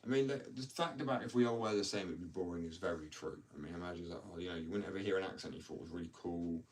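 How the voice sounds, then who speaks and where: Low-voiced man rambling on a stream. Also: racing. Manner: rambling, excitable, self-mocking. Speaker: skateboard maker live-streaming to chat. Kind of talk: casual live-stream chat. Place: workshop. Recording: distant mic, faint noise.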